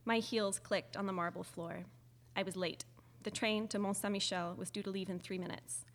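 A woman narrates a novel in the first person, at a middle pitch and an even speaking level. Her reading is measured and expressive, shaped like a polished audiobook.

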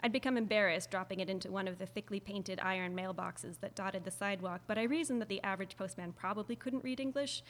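A woman narrates a novel in the first person, at a middle pitch and an even speaking level. Her reading is measured and expressive, shaped like a polished audiobook. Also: slight background noise.

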